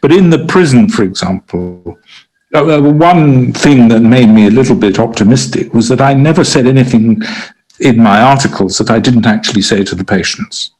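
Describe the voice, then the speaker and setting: A man's voice: mid-range voice, normal speed, darkish tone, soft background music, poor audio. An older man, a former prison doctor on a podcast, telling stories hesitantly with frequent restarts and laughter. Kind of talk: conversational interview anecdotes.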